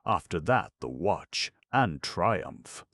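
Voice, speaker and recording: Courtly older detective in an audiobook, man reading, very deep gravelly voice, flowery clipped speech. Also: big pitch swings, takes it slowly, a bit bright, dry recording, clean studio sound, heavily acted. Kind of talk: audiobook narration.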